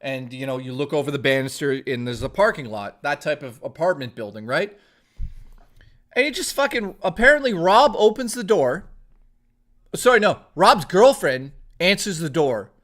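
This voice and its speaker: A man with a slightly raised pitch chats on a live stream. His storytelling rambles and is peppered with profanity. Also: big pitch swings, normal speed, a bit bright. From Toronto, Canada.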